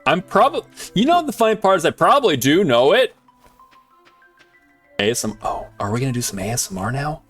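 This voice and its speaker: Animated male game streamer. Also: a little high, brisk, soft background music. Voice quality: animated, laughs often, jumps between excited shouts and quiet muttering. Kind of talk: casual live-stream chat.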